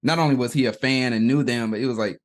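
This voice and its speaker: A man's voice: medium pitch, fast. A man co-hosting a casual movie podcast, laid-back, adding chuckling asides. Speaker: podcast co-host. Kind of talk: casual movie review chat.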